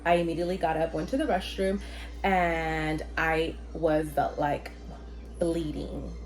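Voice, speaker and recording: A young woman with a slightly low voice tells a long personal story to the camera in a casual, get-ready-with-me vlog. She rambles in a chatty way, full of fillers and the odd swear word. She acts out what everyone said as she goes. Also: steady tone, unhurried, darkish tone. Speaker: vlogger telling a personal story.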